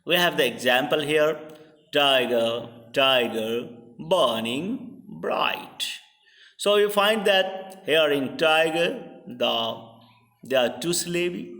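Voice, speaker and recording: A man with an Indian English accent giving a literature lecture, pausing often with fillers and restarts. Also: fairly high pitch, sharp tone. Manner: hesitant, many fillers and restarts. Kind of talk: classroom lecture. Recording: reverberant hall, voice from far off.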